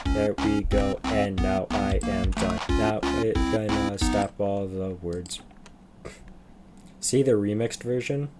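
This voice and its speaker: A man's voice: on the low side, steady tone, slow, over music. A young man chatting on a livestream, rambling and losing his train of thought. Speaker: streamer. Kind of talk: casual livestream chat.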